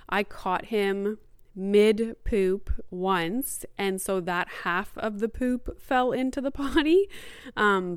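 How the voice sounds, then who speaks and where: A woman in her thirties hosts a casual solo podcast in a smooth, medium-pitched voice, recorded at studio quality with no echo. She's chatty and a little out of breath, with heavy use of "like" and "um."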